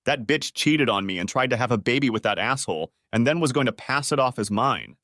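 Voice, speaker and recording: A man's voice: medium pitch, lively intonation, brisk, a bit bright, no room sound, clean studio sound. A man narrating a first-person story in a bitter, vengeful manner.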